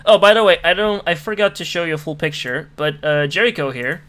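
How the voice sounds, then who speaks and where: A man's voice: a little high, animated, fairly quick, a bit bright. A man running a tabletop game as game master, narrating with frequent restarts and fillers. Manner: hesitant, many restarts and fillers.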